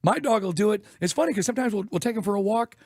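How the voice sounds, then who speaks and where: A man co-hosting a sports radio show, telling stories quickly and laughing often. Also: sits high, expressive, a little mellow, no echo, clean studio sound. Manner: rapid storytelling, laughs often. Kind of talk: casual radio chat.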